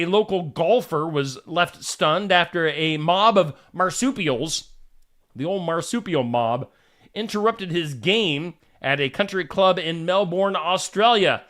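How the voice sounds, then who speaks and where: A man's voice: a little high, bright, forceful tone. A male host reading odd news stories aloud and adding wry asides between them.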